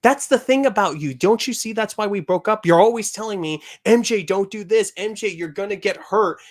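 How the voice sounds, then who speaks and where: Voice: medium pitch, a little fast, pitched above the performer's own voice, lightly acted. A co-host mimicking an exasperated young woman. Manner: mocking, exaggerated retelling of a quote.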